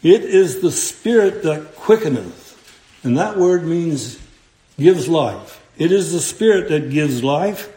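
A man preaching a sermon, slow and deliberate, quoting scripture in old-fashioned phrasing. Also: fairly high pitch, expressive, dark tone, reverberant.

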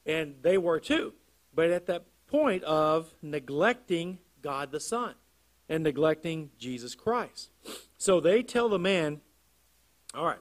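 A man preaching an expository sermon, reading scripture aloud and explaining it, often checking with listeners by asking "right?". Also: fairly high pitch. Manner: reads scripture aloud then explains it, asks the congregation "right?". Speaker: pastor.

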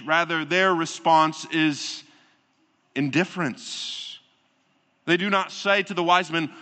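Man, pastor, sermon, bright slightly high voice, emphatic repetition, long hall reverb. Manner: deliberate, emphatic preaching with repetition and rhetorical questions.

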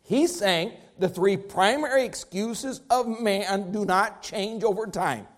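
A man's voice: sits high, slow pace. A man preaching a sermon to his congregation, with an emphatic, rising and falling preaching cadence. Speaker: pastor.

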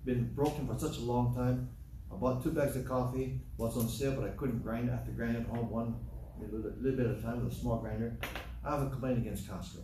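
A man's voice: medium pitch, steady tone, fast talker, background noise. A man preaching a conversational sermon, full of rhetorical questions and chatty asides, recorded from a distance in a church hall. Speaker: pastor. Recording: distant mic, echoey room.

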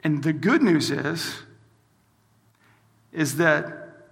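A middle-aged campus minister preaches in a high, bright voice with a gravelly edge. He tells a story and acts out each person's lines as he goes. His words ring out with a long reverb, as in a large hall. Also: moderate pace. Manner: storytelling, acts out quoted dialogue. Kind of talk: sermon.

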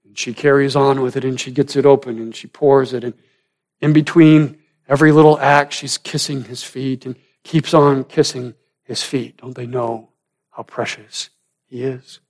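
A man preaching a sermon, swinging from loud, rising emphasis down to hushed, almost whispered lines. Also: medium pitch, steady tone, normal speed. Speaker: pastor.

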